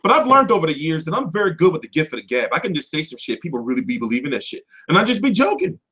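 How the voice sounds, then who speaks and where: Male stream host, high and lively voice, profane off-the-cuff rant from his home setup. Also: rapid-fire, slightly rough. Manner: animated, swearing, jumps between loud and mumbled. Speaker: boxing commentary livestream host.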